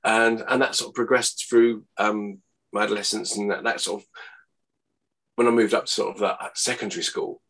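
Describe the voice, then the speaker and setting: A man, rambling and laughing as he chats in an interview, his voice not yet warmed up. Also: lowish voice, steady tone, moderate pace, vocal fry, breathy edge. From Hertfordshire, England. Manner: rambling, chatty, laughs often, says mate. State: voice not warmed up, early morning. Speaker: impressionist guest. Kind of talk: casual interview chat.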